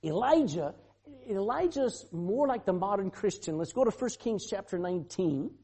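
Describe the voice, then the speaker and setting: A pastor gives an animated sermon, firing questions at the congregation. His husky voice swoops lively in pitch while he keeps a moderate pace.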